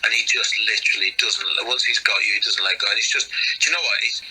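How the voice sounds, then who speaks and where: A man chats casually as a guest comedian, spinning anecdotes. His voice is husky yet sharply bright and sits a little low. He acts out the people in his stories as he goes. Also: steady tone, fast talker, poor audio. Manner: chatty storyteller, acts out quoted voices.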